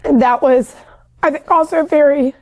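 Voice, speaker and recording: A woman's voice: sits high, steady tone, normal speed, muffled recording. A woman guest telling a personal story in a chatty way, full of fillers, who calls herself an overachiever and people pleaser. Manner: talkative, with many fillers like "like" and "um". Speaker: podcast guest sharing her story.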